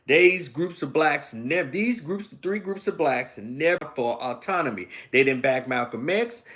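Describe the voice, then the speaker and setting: A man's voice: a little high, lively intonation, a little slow, a bit bright. A man hosting a livestream commentary monologue, preaching emphatically and firing off rhetorical questions. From Memphis, USA. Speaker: online political commentator.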